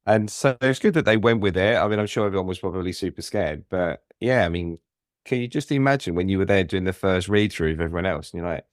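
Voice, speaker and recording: Deep-voiced man in easy podcast chat. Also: quick pace, no room sound, studio quality. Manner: easygoing, says "yeah" a lot. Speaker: podcast co-host. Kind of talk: casual film discussion.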